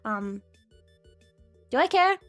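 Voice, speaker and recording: This young woman's stream chat is loose and giggly, full of swearing and sudden squeaky high bits. She speaks slowly in a sing-song way, and the dry recording carries soft background music.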